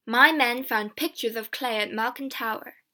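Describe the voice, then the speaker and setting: A kind, calm gentleman speaks quietly and gently, as a woman reader puts him on. The voice is bright and high. It is a storybook reading. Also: normal speed. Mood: firm.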